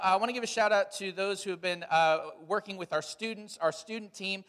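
High-pitched male pastor, middle-aged, casual storyteller, long church reverb. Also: fairly quick, a bit bright. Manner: casual, storytelling, with frequent fillers. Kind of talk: sermon with announcements. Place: large church hall.

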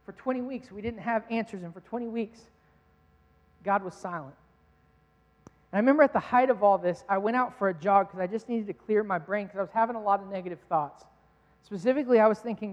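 A high-voiced male pastor preaches fairly quickly, earnestly telling a personal story with many restarts. The recording sounds dull and sits in a hall with long reverb.

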